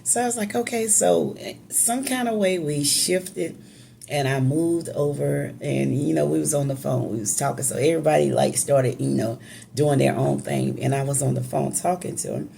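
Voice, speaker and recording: Low gravelly woman telling a personal story. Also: normal speed, mellow, slight background noise.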